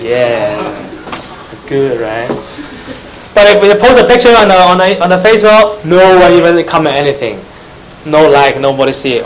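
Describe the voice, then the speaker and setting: Higher-voiced man preaching to a youth group. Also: animated, moderate pace, rough recording. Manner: asks the audience questions, repeats phrases, teasing asides. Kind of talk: sermon to young church members.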